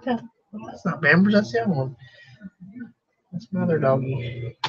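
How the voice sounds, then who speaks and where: A man's voice: high-pitched, expressive, moderate pace. A man chatting casually on a live stream about reselling, rambling and chuckling at himself. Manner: rambling, chuckling, self-deprecating. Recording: dull lo-fi sound.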